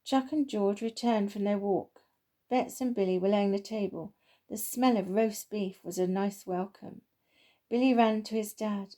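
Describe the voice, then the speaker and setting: A woman reading a children's story aloud in a gentle, homely way. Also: medium pitch, unhurried.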